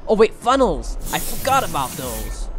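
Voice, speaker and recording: A man giving excitable gameplay commentary, thinking aloud and swearing often. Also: high-pitched, normal speed, a little hiss or hum. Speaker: gamer playing a mech game. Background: background music.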